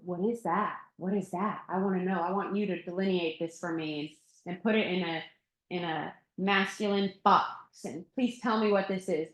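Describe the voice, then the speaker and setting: A woman teaching yoga and Thai bodywork in a relaxed, reflective way, laughing often during a group discussion. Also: fairly low pitch. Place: yoga studio room. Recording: echoey room.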